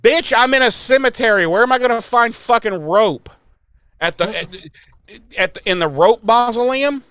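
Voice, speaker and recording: A man voicing a young man with a loud, brash southern drawl, cursing in frustration. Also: moderate pace, clear, resonant tone, no echo, studio quality. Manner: loud, high, brash and exasperated.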